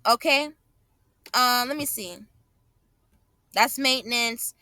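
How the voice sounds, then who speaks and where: A woman narrates her own home videos in an indignant, profane rant, circling back to the same phrases to drive a point home. Her voice sits high and bright, recorded close and dry with no room sound. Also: slow, dry recording. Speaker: vlogger. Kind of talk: angry commentary over clips.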